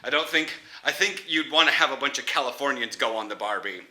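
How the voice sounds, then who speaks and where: Chatty young man with a bright voice. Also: medium pitch, animated, fairly quick. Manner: chatty, laughs often, restarts sentences. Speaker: football player vlogger. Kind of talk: casual rambling chat.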